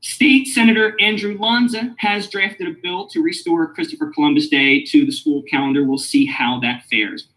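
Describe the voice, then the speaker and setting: A man lecturing on a radio show, his voice sitting a little higher than most men's. He swings his pitch widely and jumps up on the phrases he stresses. He spells out details and repeats them slowly. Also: fairly bright tone, rough recording. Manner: emphatic, rises high on stressed phrases. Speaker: lecturer hosting a radio lesson series.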